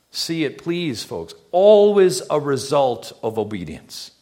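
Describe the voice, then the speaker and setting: A man's voice: fairly high pitch, sing-song, slow, hardly any pauses, warm tone. A man preaching a sermon as pastor, emphatic, drawing the congregation in with rhetorical questions he answers himself.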